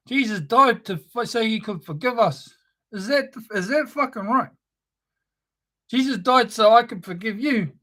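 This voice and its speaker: He's a livestream host with a high, bright, forced-sounding voice. He swears hard through an impassioned, sermonizing monologue aimed squarely at someone.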